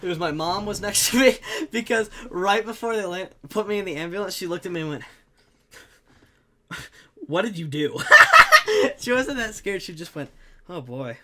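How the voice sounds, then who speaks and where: A young man telling a comic personal anecdote in an animated, jokey way, with sudden loud bursts. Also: high-pitched, moderate pace, pauses often, background noise. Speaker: storyteller.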